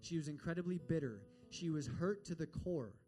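A man preaches a sermon with a mellow, relaxed tone and a fairly high voice. He tells the story earnestly and acts out the voices of its people. Soft guitar plays faintly behind him. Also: normal speed. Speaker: pastor.

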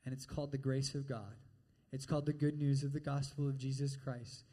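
A man's voice: mid-range voice, flat delivery, brisk, warm tone. A man preaching a sermon in a church, talking directly and conversationally to the congregation and often checking in with "all right?".

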